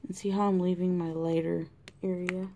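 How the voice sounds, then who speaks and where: A woman talking through a colored-pencil tutorial in a chatty way, thinking aloud and often dropping to a soft whisper. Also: lowish voice, flat delivery, normal speed, a little hiss or hum. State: has the hiccups. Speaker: art tutorial host. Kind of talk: casual drawing tutorial narration. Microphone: camera mic close to the desk.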